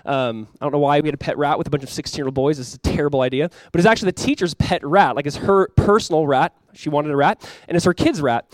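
A man's voice: a little high, fast talker, few pauses, slight background noise. A young man preaching a sermon as pastor, telling stories in a casual way and acting out quotes with animation.

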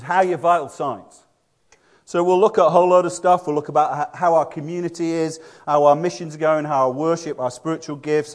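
A middle-aged man preaching a conversational sermon, telling a story with acted-out dialogue and laughing at himself. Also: fairly high pitch. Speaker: pastor.

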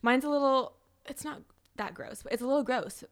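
A woman's voice: high-pitched, fairly quick. A woman co-hosting a casual chat, talking easily and reacting freely.

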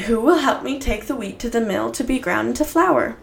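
A woman voicing a hardworking little red hen in a storybook read-aloud, asking in a bright storybook tone. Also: fairly high pitch, expressive, a little fast, creaky.

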